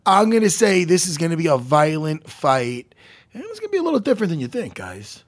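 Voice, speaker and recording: A man hosting a casual talk show, animated and jokey, swearing freely. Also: on the high side, brisk. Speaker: podcast host. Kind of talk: casual chat.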